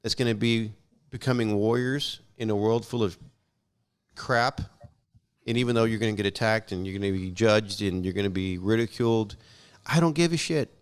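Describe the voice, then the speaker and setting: Casual podcast chat from a young adult male guest with a lowish, clean voice at a moderate pace. He's a blunt, profane, animated storyteller who acts out the dialogue.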